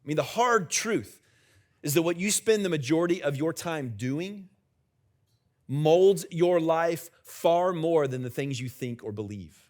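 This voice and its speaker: In a church sanctuary with a live congregation, a middle-aged senior pastor preaches a conversational sermon and jokes with the people in the pews. His voice is a little high, expressive, and unhurried.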